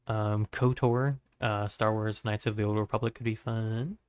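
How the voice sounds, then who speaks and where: Uomo che chiacchiera in diretta, voce affaticata. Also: male voice, on the low side, level tone, normal speed, clean tone, no room sound. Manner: rambling, filler-heavy, friendly. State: strained, tired voice. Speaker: art livestreamer. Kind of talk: casual stream sign-off chat.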